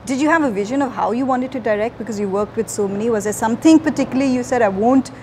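A woman's voice: on the high side, racing, dark tone, slight background noise. A woman hosting an interview on stage before a live audience, playful and teasing in her questions. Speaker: interviewer, host.

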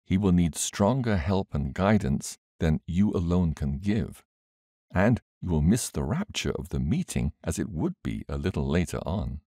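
Male reader as a gentle, sorrowful older brother; very low, dry close read. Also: sing-song, moderate pace, no room sound, exaggerated voice. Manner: gentle and sad. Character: gentle, grave man, a caring older brother.

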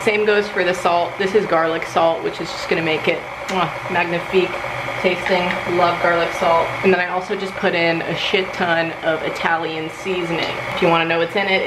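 A young woman casually chatting as she cooks and eats at home, bubbly and swearing now and then. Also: lowish voice. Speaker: cooking vlogger. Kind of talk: casual cooking vlog. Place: home kitchen. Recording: echoey kitchen, clear background noise.

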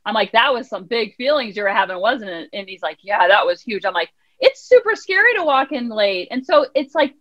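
A woman child counselor on a podcast, telling a parenting story in an animated way and acting out her son's lines. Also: a little high, brisk, hardly any pauses, dull audio. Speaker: child counselor and life coach guest. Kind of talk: podcast conversation.

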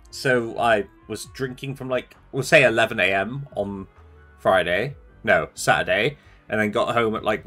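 Chatting with his viewers while gaming on a live stream, a young man rambles in a relaxed, somewhat sleepy way as he answers questions. His mid-range voice is bright and forceful.

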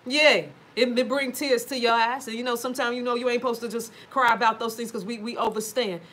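A woman's voice: fairly high pitch, steady tone, a little fast, fairly bright tone. A woman talking casually to viewers from home, emphatic and full of profanity. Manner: emphatic, swears freely, addresses viewers directly. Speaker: livestream talker reading viewer comments. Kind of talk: casual profane livestream monologue.

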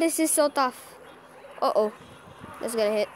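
A woman giving excitable live commentary over her own card-battle game, cheering and groaning at every play. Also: fairly high pitch, moderate pace, slight background noise. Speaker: gaming channel host.

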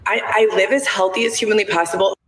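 This time she's a fast talker with a mid-range voice and fairly even intonation. The woman, in her thirties, rambles through a live stream on her phone, peppering it with "like" and "um," in echoey, roomy playback.

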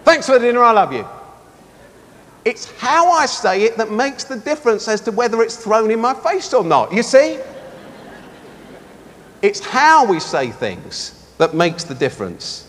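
Animated preacher, high expressive delivery, large reverberant venue. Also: male voice, measured pace. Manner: animated, expressive, acts out voices. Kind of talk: sermon. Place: large tent or hall at a conference.

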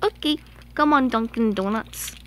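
A woman voicing an excitable, giddy male engine in a homemade toy play. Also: on the high side, a little slow, slight background noise.

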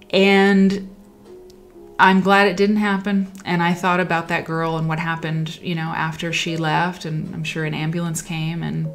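A woman hosting a livestream, telling stories in a rambling, reflective way that often trails off. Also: fairly low pitch. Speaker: livestream host. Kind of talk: casual livestream storytelling. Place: at home while sewing.

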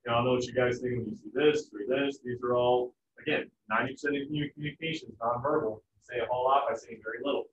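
A man's voice: medium pitch, fairly even intonation, fast, hardly any pauses, slight background noise. Male teacher lecturing loosely with jokes, recorded from across an echoey room. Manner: casual, joking, acts out family voices. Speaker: biology teacher. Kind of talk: classroom lecture. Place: classroom. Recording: echoey, distant, dull room sound.

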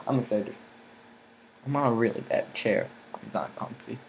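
A teenage boy narrates his own gameplay in a loose, rambling way at an ordinary pitch, filling gaps with "like" and half-finished thoughts. He talks into a desktop mic with a faint hum in the background, and his voice rises with excitement during fights. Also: measured pace, vocal fry, pauses often. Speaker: gaming channel host. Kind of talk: casual let's-play commentary.

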